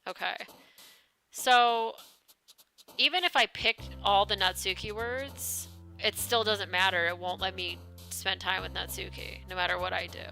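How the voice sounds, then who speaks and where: A woman's voice: medium pitch, fairly even intonation, measured pace, gravelly, pushed and bright, faint music behind. A woman streaming a game, chatting casually, reading game text aloud and swearing now and then. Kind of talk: casual live-stream commentary.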